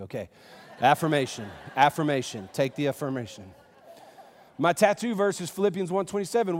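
High-voiced preacher in a reverberant church. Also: male voice, fairly quick. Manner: animated, quizzes the congregation with questions. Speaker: pastor. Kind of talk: sermon. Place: church sanctuary.

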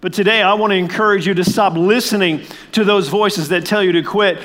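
A man's voice: sits high, fairly even intonation, a little fast, few pauses, fairly bright tone. A man preaching a sermon, building to emphatic repeated declarations and leading the congregation in saying a verse back to him. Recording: long hall reverb.

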